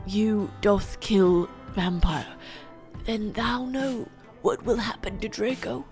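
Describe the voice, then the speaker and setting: A woman voicing a menacing male dark wizard who speaks in old-fashioned language, in a slow hushed whisper. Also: mid-range voice, faint music behind.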